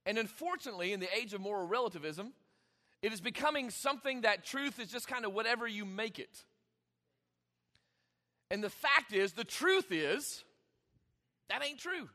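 Emphatic high-voiced preacher in a reverberant hall. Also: male voice, lively intonation, pushed and bright. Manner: emphatic preaching with dramatic pauses and swings in volume. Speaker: pastor. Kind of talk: sermon.

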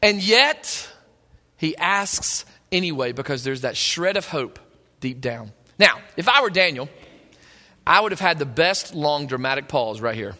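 Man, pastor, emphatic sermon, calls for amens, high voice, sharp bright tone. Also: expressive, moderate pace. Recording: long hall reverb.

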